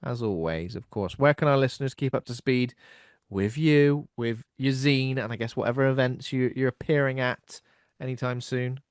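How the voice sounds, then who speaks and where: A man's voice: medium pitch, moderate pace, clean tone, dry recording, studio quality. A man hosting a horror podcast, chatting casually in an upbeat way with lots of fillers. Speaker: podcast host.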